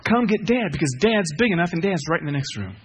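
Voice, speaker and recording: A man preaching a sermon with animated swings from loud outbursts to hushed lines, mixing in casual asides and self-mocking humor. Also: high-pitched, quick pace, slightly rough. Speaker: pastor.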